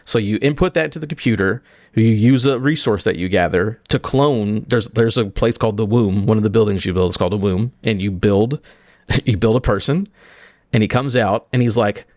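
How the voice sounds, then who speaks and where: A man co-hosting a casual gaming podcast, telling stories in an excited, profane way and acting out what characters say. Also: fairly low pitch, moderate pace, no room sound, studio quality. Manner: excited, profane storytelling with acted-out quotes. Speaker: podcast co-host.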